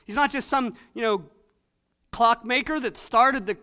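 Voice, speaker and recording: A male pastor preaching to his congregation, his voice pitched high and ringing with a bright, clear edge. He drops to quiet, intimate asides, then climbs into loud, emphatic exhortation built on repeated phrases. The setting is a church sermon. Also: unhurried. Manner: swings from soft, low asides to loud, rising exhortation. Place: church sanctuary.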